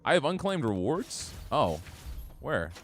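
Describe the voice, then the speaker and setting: A man's voice: medium pitch, big pitch swings, measured pace, a bit bright, soft background music. A young man streaming a game live, chatting upbeat and casually with his viewers while he plays. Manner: upbeat, chatty, talks to chat. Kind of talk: live gameplay commentary.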